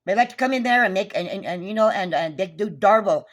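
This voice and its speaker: A woman's voice: medium pitch, expressive, quick pace. A woman, recounting a neighbor dispute in an agitated, profane, repetitive rant. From New Mexico. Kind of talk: angry recounting vlog.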